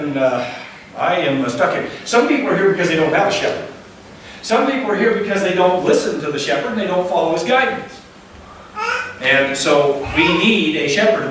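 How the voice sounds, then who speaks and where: High-pitched guy preaching, folksy and jokey, bleats like a sheep, big echoey church, mic kinda far off. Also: a bit bright, a little hiss or hum. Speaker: pastor. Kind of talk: sermon. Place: church sanctuary. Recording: very echoey hall, distant mic.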